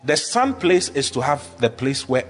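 A man's voice: medium pitch, very animated, moderate pace. A man preaching a sermon with emphatic, repetitive declarations, leading the congregation in call-and-response.

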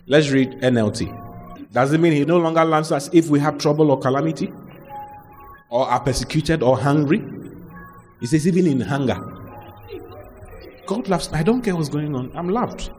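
A man preaching a lively sermon, mixing humor and acted-out quotes. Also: a little high, moderate pace, long pauses, big-room sound, faint music behind. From Ghana. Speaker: pastor.

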